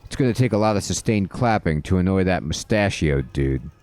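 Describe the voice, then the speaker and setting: A man's voice: low voice, expressive, a little fast, a little mellow, dry recording, soft background music. A man voicing an easygoing male seal who talks like a surfer dude. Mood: laid-back.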